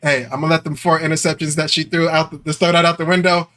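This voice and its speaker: A man co-hosting a podcast, telling animated stories full of slang and laughter in casual chat. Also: a little high, fast. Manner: animated storyteller, acts out quotes with laughs; slangy, repeats "you know what I'm saying". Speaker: podcast co-host.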